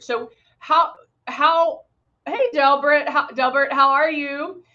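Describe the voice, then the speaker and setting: A woman's voice: high voice, steady tone, takes it slowly, sharp tone, dull audio. Chatty woman hosting a live makeup demo. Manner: chatty, greets viewers by name while working. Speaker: makeup livestream host.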